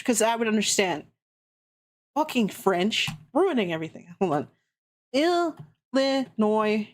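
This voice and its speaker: A woman on a casual stream, her voice sitting a little high. She rants in an exasperated way and swears constantly. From Canada. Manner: ranting, heavy swearing, exasperated. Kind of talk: casual chat.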